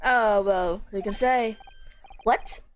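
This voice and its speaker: A woman voicing a haughty, evasive male gentleman detective in a pompous, drawn-out manner for a game read-along. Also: medium pitch, slight background noise, voice pushed down, lightly acted. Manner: pompous, drawn-out, mock British.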